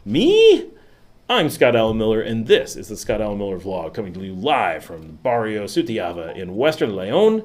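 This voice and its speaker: Chatty low-voiced man hosting a livestream. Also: expressive, moderate pace, hardly any pauses, darkish tone. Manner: rambling, chatty, frequent fillers and laughs. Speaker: vlog host. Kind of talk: casual livestream chat. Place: at home in the city.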